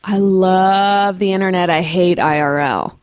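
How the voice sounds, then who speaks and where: A woman's voice: on the low side, unhurried, smooth, dry recording, clean studio sound. A woman hosting a podcast, ranting in a brash, profane, playful, comedic way. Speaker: podcast host. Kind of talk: casual comedic chat.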